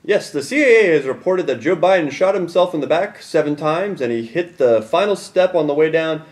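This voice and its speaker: Lively, sardonic young man in an echoey room. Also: on the high side, fairly quick, few pauses. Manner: sardonic, bickering. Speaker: comedy news co-host. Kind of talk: sketch comedy news banter.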